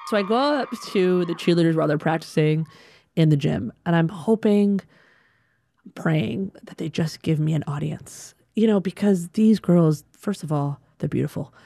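Animated woman from Alabama telling a story. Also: fairly low pitch, normal speed, gravelly, no room sound. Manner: animated, acts out dialogue. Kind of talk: personal storytelling.

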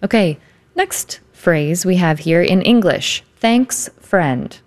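A woman's voice: lowish voice, slow. A woman hosting a broadcast interview in a studio, upbeat and guiding her guests along. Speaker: show host.

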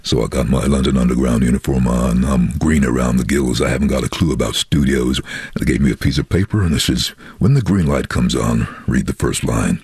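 A man, a voiceover artist, telling lively anecdotes in an interview and acting out other people's voices. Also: very deep voice, brisk, slightly rough, no echo, studio quality. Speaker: voiceover artist and train driver. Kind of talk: storytelling in an interview.

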